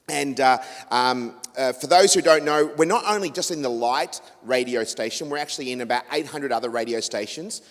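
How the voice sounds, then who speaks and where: A man with an Australian accent, a radio host giving a chatty, rambling talk to a church audience with many fillers and restarts. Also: medium pitch. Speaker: radio host and guest speaker. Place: church hall. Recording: reverberant church hall.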